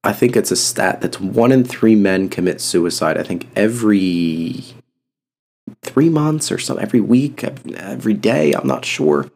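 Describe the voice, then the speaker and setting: A man's voice: on the low side, animated, a little slow, a little mellow. A young man hosting a solo podcast, talking bluntly and passionately with heavy cursing. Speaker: podcast host. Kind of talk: casual solo podcast talk.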